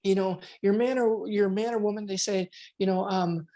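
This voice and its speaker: A man, a performance coach, talking casually on a podcast from home at night, keeping his voice a bit quiet as he acts out quoted inner voices and swears now and then. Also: high-pitched, steady tone, normal speed.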